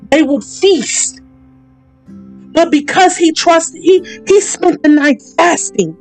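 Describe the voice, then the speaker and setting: A woman preaching casually as a podcast Bible teacher, excitable and rambling, calling out to her listeners. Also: high voice, poor audio. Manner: excitable, rambling, uses y'all.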